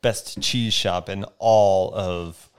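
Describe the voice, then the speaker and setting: A man's voice: deep voice, fairly even intonation, very slow, clean tone. A man co-hosting a podcast in casual chat, reacting with jokes and swearing. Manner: joking, profane reactions. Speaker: podcast co-host.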